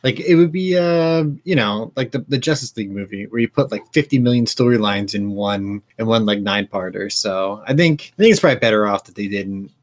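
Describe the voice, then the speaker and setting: A man's voice: fairly low pitch, expressive, fairly quick, few pauses. A man co-hosting a podcast, chatting casually and agreeably. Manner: easygoing, agreeable. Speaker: podcast co-host.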